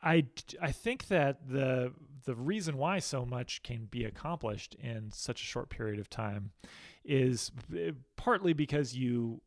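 A man's voice: mid-range voice, animated, measured pace, no room sound. A man with an American accent speaking as an interview guest in a candid, rambling, self-deprecating way. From United States. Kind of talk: casual interview talk.

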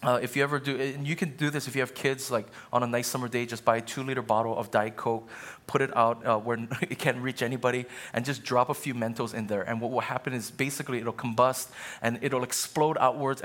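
A man's voice: mid-range voice, fairly even intonation, a little fast, a bit bright. A male pastor preaching a sermon in an earnest, conversational way, with asides to the congregation.

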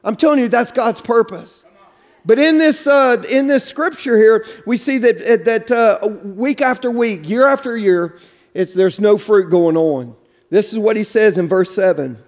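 A man with a strikingly high voice delivers a sermon in a church. His preaching is fervent, rising into a musical, rhythmic cadence as he presses the congregation to respond. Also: a little slow, darkish tone. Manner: fervent preaching, rhythmic sing-song cadence, urging the crowd. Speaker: pastor.

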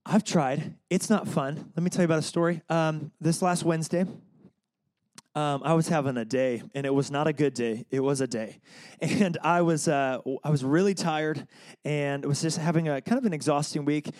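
A young man preaches in a loose, conversational way, with a slightly higher voice that swings up when he gets excited. He tells stories, chuckles often and calls out to the congregation for answers. The sound is dry and close, with little room echo. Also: normal speed. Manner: animated storytelling with laughs and call-and-response. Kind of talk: casual sermon.

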